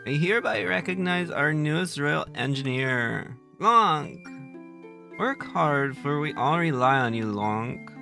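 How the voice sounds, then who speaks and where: A ditzy, bubbly teenage princess with a valley-girl drawl, as a male streamer puts her on. The voice sits high with a rough, gravelly edge. Faint game music plays underneath. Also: lively intonation, slow pace, bright, forceful tone, heavily acted. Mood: ceremonial.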